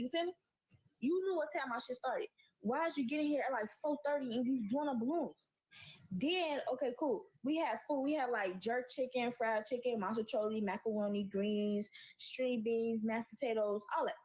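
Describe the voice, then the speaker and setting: A woman's voice: a little high, brisk, darkish tone, breathy edge, rough recording. A teenage girl telling a story in an exasperated, slang-filled casual rant, swearing often. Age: late teens.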